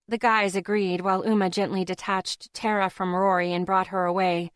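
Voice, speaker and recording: A woman reads a first-person audiobook, mid-pitched and steady, with expressive delivery. The sound is dry and close to the microphone. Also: moderate pace, hardly any pauses, no echo. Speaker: audiobook narrator.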